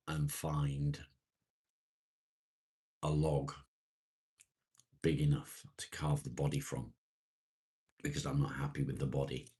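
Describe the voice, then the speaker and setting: A man with an extremely low, husky voice hosts a laid-back morning live chat. He rambles unhurriedly, greets viewers by name and answers their comments as he goes. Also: a little mellow. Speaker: live-stream host reading viewer comments.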